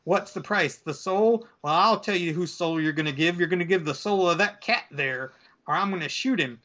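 A man's voice: sits high, normal speed, sharp tone. A man doing a greedy, ruthless burglar. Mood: threatening. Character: greedy, brutal cat-hating male burglar. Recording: dull lo-fi sound.

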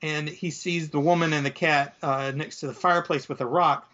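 A man's voice: on the high side, normal speed. Rambling man retelling a comic. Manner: rambling, filler-heavy, animated storyteller. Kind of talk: casual retelling of a comic story. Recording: dull lo-fi sound.

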